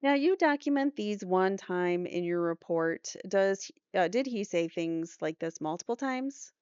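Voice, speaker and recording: A woman's voice: medium pitch, expressive, a little slow, darkish tone, clear, resonant tone, dry recording. A woman hosting a true crime show, reading court transcripts aloud and breaking off for skeptical asides. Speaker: true crime podcast host. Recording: dull lo-fi dry recording.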